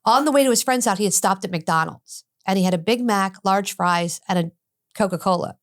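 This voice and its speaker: Woman telling a story with lively quotes. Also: medium pitch, brisk. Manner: animated, acts out quoted dialogue. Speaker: addiction expert guest. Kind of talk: personal storytelling in a podcast interview.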